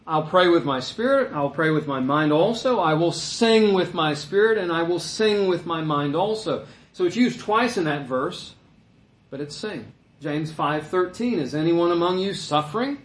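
A man preaching with animation, firing questions and answering them, then reading scripture aloud. His voice sits a little high for a man. The room gives it a clear echo. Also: expressive, normal speed. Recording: echoey room.

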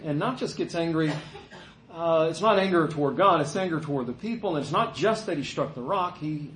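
A man delivers a sermon in a relaxed, conversational way, slipping into mocking voices for the complainers in the scripture. His voice sits a little high. The room around him has a noticeable echo. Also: a little hiss or hum. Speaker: pastor. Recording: echoey room.

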